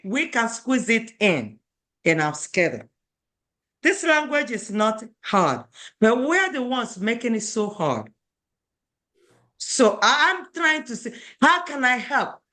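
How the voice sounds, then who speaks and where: Lively, bright-voiced encouraging woman teacher. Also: a little high. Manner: encouraging, coaxing, repeats phrases often; switches between English and Igbo phrases. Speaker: language teacher. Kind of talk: adult beginner language class.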